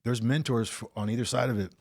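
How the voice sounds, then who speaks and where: A man hosting a podcast, talking in a relaxed, conversational way and laughing easily. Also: medium pitch, fast. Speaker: podcast host. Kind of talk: casual conversation.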